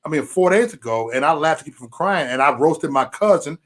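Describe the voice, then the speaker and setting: A man co-hosting a casual podcast chat, telling funny stories in an animated, joking manner. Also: a little high, brisk. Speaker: podcast co-host.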